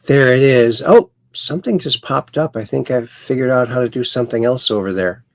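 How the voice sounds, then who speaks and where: Speaking in a mid-range voice, a male livestream host reads chat messages aloud at a slow, casual pace, with occasional sudden bright upswings. The recording is dry.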